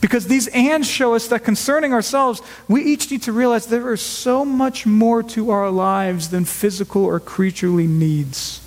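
A man's voice: very high voice, fairly even intonation, normal speed, few pauses. A man preaching a sermon as pastor, speaking earnestly and emphatically and often repeating words for stress. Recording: long hall reverb.

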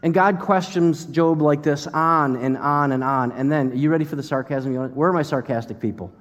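A man preaching a sermon as pastor, playful and animated, then turning soft and earnest. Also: on the high side, fairly quick, in a large hall. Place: church hall.

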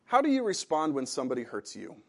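Animated man preaching a sermon. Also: fairly high pitch, fast, creaky. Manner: animated, conversational preaching with audience questions. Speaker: pastor.

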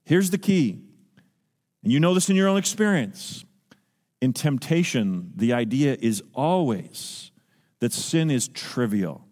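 A man's voice: medium pitch, very animated, a little slow, a little mellow, in a large hall. A man preaching a sermon as pastor, earnest and emphatic, asking the listeners pointed questions. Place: church sanctuary.

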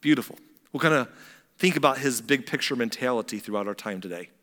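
A man's voice: medium pitch, expressive, quick pace, fairly bright tone. A man preaching a sermon in a conversational, joking way. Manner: conversational, joking asides to a laughing congregation. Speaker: pastor. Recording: reverberant hall sound.

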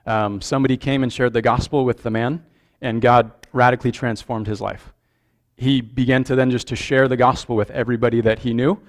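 A man preaching a sermon as pastor, speaking in an earnest, conversational way and checking in with the congregation with questions. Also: medium pitch.

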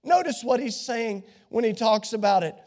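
Male pastor with a high voice, under the weather, preaching hard in a big echoing sanctuary. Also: normal speed. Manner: impassioned preaching, swings from hushed to shouting. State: scratchy throat from a cold. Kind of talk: sermon. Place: church sanctuary. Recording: long reverb of a large hall.

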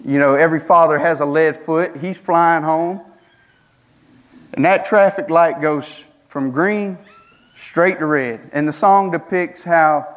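A young man, a student pastor, preaching a sermon with rhetorical questions and rising emphasis. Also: a little high.

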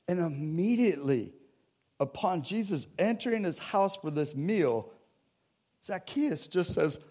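Conversational pastor, higher-pitched man. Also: expressive, measured pace, a little mellow. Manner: conversational preaching, calls out to the congregation; acts out Bible scenes in quoted voices. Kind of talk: sermon. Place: church sanctuary.

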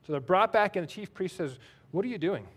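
A man's voice: high-pitched, lively intonation, a little fast, a bit bright. A man preaching a sermon in a conversational, self-deprecating way, reading scripture aloud between his own remarks. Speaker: pastor.

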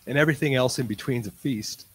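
Animated male preacher telling a story. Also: medium pitch, fast talker, husky, poor audio. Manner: animated, swings from quiet to loud bursts; tells stories in quoted dialogue. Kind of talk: sermon with storytelling.

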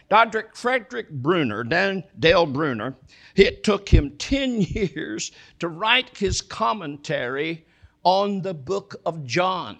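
A male pastor delivers a sermon with a gravelly edge to his voice. He preaches emphatically, drawing key phrases out slowly. His voice sits a little on the high side for a man. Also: big pitch swings, fairly bright tone.

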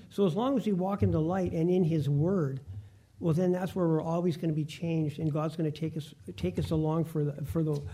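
A man preaching a Bible lesson, reading scripture aloud slowly and deliberately. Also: high-pitched, mellow, breathy edge. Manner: reads verses slowly and deliberately, with restarts.

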